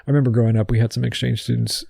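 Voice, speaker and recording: Gravelly, laid-back male podcast host. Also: mid-range voice, flat delivery, rapid-fire, dark tone, no room sound, studio quality. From United States. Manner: laid-back, tentative interjections. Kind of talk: casual chat.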